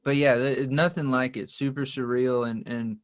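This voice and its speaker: Guest spot: male country musician, mid-pitched, casual rambling storyteller, self-deprecating, laughs a lot. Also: fairly even intonation, moderate pace.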